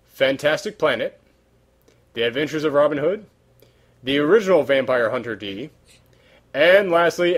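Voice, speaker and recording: A man hosting a casual podcast, worn out with a sore voice, rambling and searching for words. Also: a little high. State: tired, sore voice. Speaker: podcast host. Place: hot room without air conditioning.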